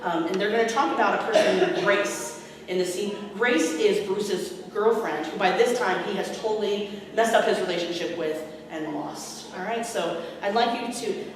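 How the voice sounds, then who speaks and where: Animated woman preaching in an echoey church. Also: medium pitch, moderate pace, slight background noise. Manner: animated, acts out scripture quotes, laughs often. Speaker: pastor. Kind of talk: sermon. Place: church sanctuary. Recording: echoey church hall from far off.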